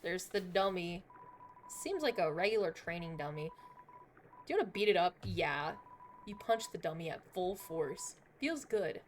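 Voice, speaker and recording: A woman's voice: lowish voice, animated, normal speed, slight background noise. A woman streaming a video game live, reacting with exclamations and reading game text aloud with frequent laughs.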